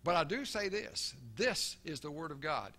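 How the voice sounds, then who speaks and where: Preaching earnestly at normal speed, an older man uses a sing-song delivery and often repeats himself. When he quotes someone, he softens into a low murmur.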